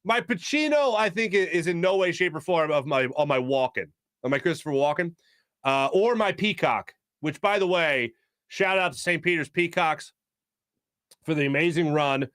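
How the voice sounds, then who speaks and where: Chatty sports show host, close and dry. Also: male voice, a little high, animated, normal speed, a bit bright, smooth, dry recording. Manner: chatty, jokey, hums filler tunes and tries celebrity impressions. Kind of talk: casual live-stream chat reading viewer comments.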